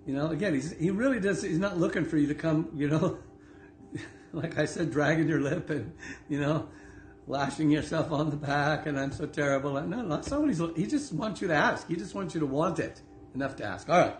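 A man teaching from the Bible in a loose, conversational way, full of asides and little laughs. His voice sits a bit high for a man. The room sounds echoey, with a faint hiss behind him. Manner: conversational, laughs often, many asides and okays; slows down to read scripture aloud. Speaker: preacher. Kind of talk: casual online Bible teaching.

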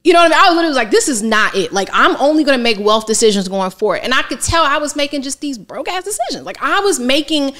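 A woman financial coach telling her story in a candid, casual interview, animated and colloquial. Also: high voice, fast, few pauses. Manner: lively, colloquial, animated retelling with quoted asides.

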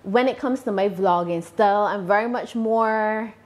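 Barbadian woman YouTuber, mid-pitched, measured and deliberate, interview guest. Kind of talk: casual interview answers.

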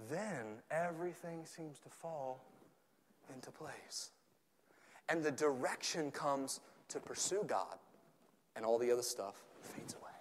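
A man, a youth pastor preaching a sermon, switching between shouted passages and quiet, chatty talk. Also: mid-range voice. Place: church. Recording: echoey church hall.

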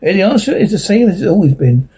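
An actor playing a smug gentleman who refuses to give up the jewels, in 1940s radio acting style. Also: high voice, big pitch swings, fast talker, slightly rough, heavily acted. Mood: mocking. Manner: cool, mocking.

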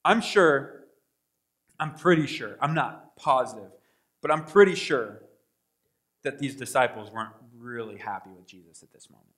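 A man preaching a sermon as pastor, animated, acting out voices and swinging between loud bursts and hushed asides. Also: medium pitch, normal speed, long pauses. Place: church sanctuary.

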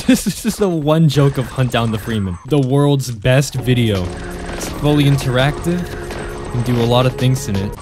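A man giving casual, joking commentary over gameplay. He laughs often and mixes sarcastic mock praise with excited outbursts. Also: medium pitch, a little hiss or hum.

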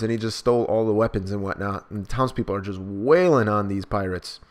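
A man's voice: on the low side, expressive, a little fast, hardly any pauses. Hyped casual man reacting to a manga. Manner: hyped, slangy, reads dialogue in raised voices. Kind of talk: casual live reaction, reading aloud in voices.

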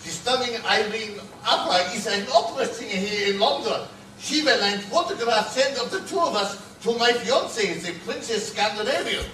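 A loud, blustering king in disguise with a fake German accent, played by a man on stage. His voice sits high and swoops about. It is caught from far off in a roomy theatre. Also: expressive, normal speed, slight background noise. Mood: blustering comic. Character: pompous foreign king in disguise, male, hammy. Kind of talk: stage comedy acting.

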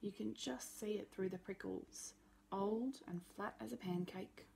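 A woman's voice: medium pitch, measured pace, gravelly, a little mellow, slight background noise. A woman voicing a young girl who spreads scary rumours about a neighbour. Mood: gossipy. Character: gossiping young girl telling scary tales.

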